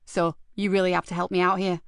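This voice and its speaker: A woman reading an audiobook, voicing a gruff, loyal male police superintendent in a blunt, dry, fatherly manner. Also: lowish voice, little pitch movement, quick pace, no echo. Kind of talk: audiobook character voice.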